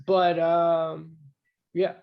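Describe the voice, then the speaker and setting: Brief: high-pitched man, rambling podcast co-host, dull lo-fi recording. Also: completely flat delivery, drawn-out words, vocal fry. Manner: rambling, filler-heavy, knowledgeable about wrestling history. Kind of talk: casual chat. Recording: dull lo-fi sound.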